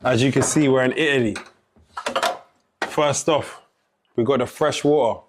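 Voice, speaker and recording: A man's voice: medium pitch, moderate pace. A young man vlogging casually while he cooks, slangy and joking, swearing often. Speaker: travel vlogger. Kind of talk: casual vlog. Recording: music playing over the voice.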